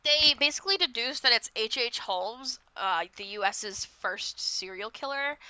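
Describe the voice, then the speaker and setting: A young woman co-hosting a podcast, congested and stuffy-nosed, rambling through an animated episode recap. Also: fairly high pitch, smooth, no room sound. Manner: rambling, animated retelling with quick voiced quotes. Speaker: podcast co-host. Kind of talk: casual chat, episode recap.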